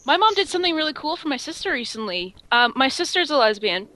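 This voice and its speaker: A woman's voice: high voice, quick pace, no echo, rough recording. A woman co-hosting a podcast in casual chat, teasing and joking with the others. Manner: teasing, animated, jokey. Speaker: podcast co-host.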